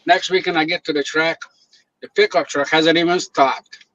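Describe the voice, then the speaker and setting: A guest videographer with a fairly high-pitched voice speaks at normal speed, with no room sound. Chatting casually, he animates his stories by acting out quoted people and laughs a lot. Expect a dull, dry, lo-fi sound.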